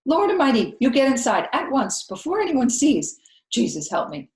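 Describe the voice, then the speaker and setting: A woman reading aloud, voicing a fretful grown woman who works as a family cook, scolding loudly. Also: mid-range voice, animated, moderate pace, close to an everyday voice. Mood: alarmed scolding. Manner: scolding, exasperated, loud. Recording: roomy echo.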